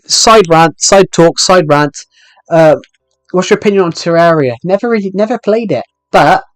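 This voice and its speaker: A young British man with a thick regional accent chats casually on a live stream, rambling quickly with many restarts. His voice is on the high side, with no room sound.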